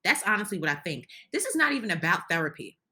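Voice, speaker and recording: A woman's voice: medium pitch, big pitch swings, fast, sharp tone. A woman giving an opinionated recap of a reality show, ranting heatedly and indignantly, often restarting her sentences. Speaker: reality TV commentator.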